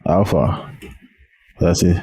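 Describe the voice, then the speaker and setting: Deep-voiced Nigerian host. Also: male voice, slow, mellow, husky. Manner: short interjections, drops into pidgin. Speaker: podcast host. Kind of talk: casual podcast chat. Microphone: remote call.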